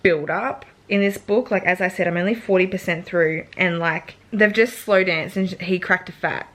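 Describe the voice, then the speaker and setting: A woman's voice: lowish voice, moderate pace, fairly bright tone. A young woman talking casually about a book in a vlog, peppering her speech with "like" and swearing freely. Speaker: book vlogger.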